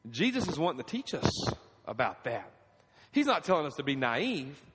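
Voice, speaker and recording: A man in his thirties preaching a sermon as pastor, fervent, swinging from quiet pleading to high emphatic lines and asking for amens. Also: big pitch swings, normal speed, slight background noise. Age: 30s. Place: church sanctuary. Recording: long reverb of a church hall.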